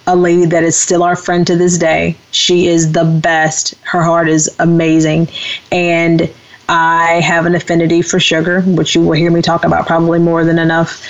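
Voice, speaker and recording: A woman from the United States tells a travel story on her talk show, casual and animated, slipping into the voices of the people she quotes. Her voice sits fairly low for a woman. The audio is dull and lo-fi. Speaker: co-host.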